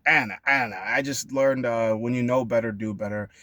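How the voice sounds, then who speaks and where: A man rambles through a casual monologue and swears freely. His voice sits at an everyday pitch and is recorded dry and close, with no room sound. Now and then he jumps into loud, high shouting. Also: steady tone, moderate pace, dry recording.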